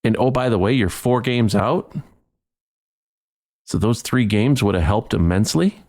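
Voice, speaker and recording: A man's voice: on the low side, expressive, measured pace, a little mellow. Heated man ranting on a sports podcast. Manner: heated, repetitive, stumbling over words. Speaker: podcast host.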